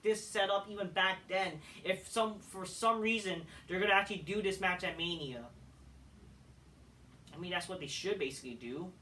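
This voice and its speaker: A man's voice: sits high, pushed and bright, recorded from a distance. A man reviewing a wrestling show in a blunt, profane rant with frequent restarts, recorded away from the mic. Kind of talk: ranting commentary.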